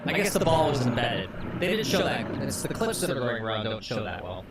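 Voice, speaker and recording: A man's voice: mid-range voice, big pitch swings, fairly quick, over a noisy crowd. A man co-hosting a golf livestream, talking casually to viewers with hesitant fillers. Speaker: co-host running the livestream.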